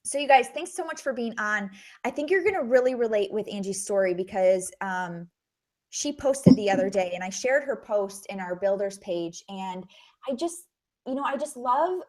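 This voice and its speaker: A woman's voice: fairly high pitch, animated, moderate pace, darkish tone. A woman hosting an online group call, introducing a guest in a chatty, upbeat way with lots of fillers. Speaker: host.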